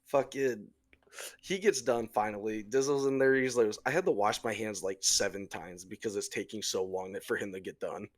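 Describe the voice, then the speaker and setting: A man's voice: on the low side, normal speed. A young man co-hosting a podcast, telling a rowdy party story in casual chat with plenty of swearing. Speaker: podcast co-host.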